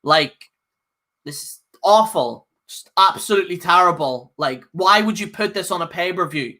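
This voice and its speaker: A man's voice: high voice, expressive, moderate pace, sharp tone. A man hosting a casual live review, rambling and exasperated, with many fillers and restarts. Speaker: host reviewing a wrestling show.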